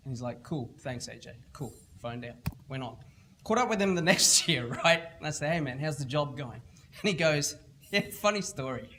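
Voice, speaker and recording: A man's voice: a little high, a little fast, pushed and bright, a little hiss or hum. A man giving a storytelling talk at a school event, acting out both sides of each conversation. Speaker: speaker at a school festival. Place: event hall with audience.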